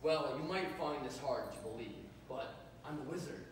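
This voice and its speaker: A man's voice: on the high side, animated, moderate pace, a little hiss or hum, natural voice. A man playing an earnest, awkward young wizard in an amateur live stage reading. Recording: echoey hall, distant mic.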